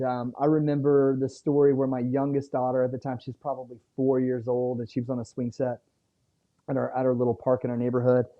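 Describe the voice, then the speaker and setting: A man appearing as a guest author, telling a personal story in an earnest, reflective way and chatting casually. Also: mid-range voice. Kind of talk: casual interview chat. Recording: dull lo-fi sound.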